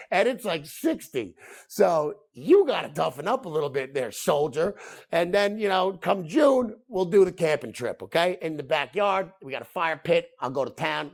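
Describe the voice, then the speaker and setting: Podcast host, male, 30s, slightly high gravelly voice, loose rambling delivery. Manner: rambling, filler-heavy, laughing often. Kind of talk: casual solo monologue.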